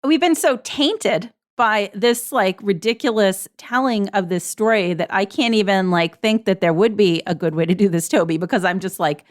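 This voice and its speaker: A woman co-hosting a podcast, talking in an exasperated, excitable way. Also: medium pitch, moderate pace, few pauses. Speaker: podcast co-host. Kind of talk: casual review chat.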